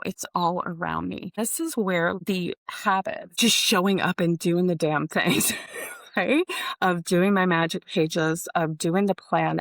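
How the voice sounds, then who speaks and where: Middle-aged female host, lowish pitch, dry close sound, effusive and rambling. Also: no echo. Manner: emotional, effusive, addresses listeners as "you guys"; rambling with many "like" fillers and restarts. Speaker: podcast host. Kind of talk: casual personal monologue.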